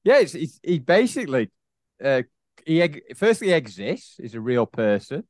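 A man's voice: on the high side, big pitch swings, normal speed, dry recording, clean studio sound. A man co-hosting a casual football podcast, rambling and teasing his co-host with frequent laughs.

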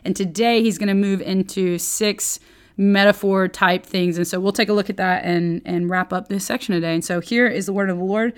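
A woman's voice: mid-range voice, steady tone, moderate pace, clean tone. Woman, podcast host, devotional teaching, chatty, rambling, restarts mid-sentence. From Oklahoma, United States. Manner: chatty, rambling, self-interrupting.

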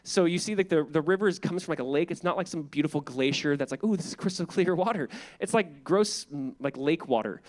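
A man preaching a sermon as pastor, casual and animated, acting out people in the story with quick voices. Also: fairly high pitch.

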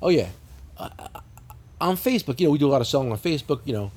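A man's voice: mid-range voice, fast, slightly rough. A man telling profane stories in a casual podcast chat, often laughing. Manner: profane, animated storytelling with laughter.

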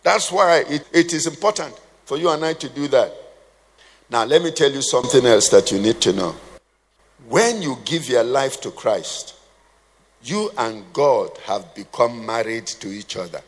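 A man preaching a sermon, conversational and humorous, quizzing his congregation with questions. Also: mid-range voice. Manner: humorous asides. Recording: long hall reverb.

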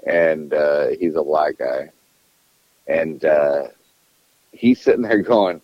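A man with a deep, low voice talks politics loosely and crudely, rambling and circling back on his own phrases. The sound is dull and lo-fi, with a dry, close feel and no room echo. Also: slow pace. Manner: profane, rambling, restarts sentences. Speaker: podcast co-host. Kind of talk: casual political chat.

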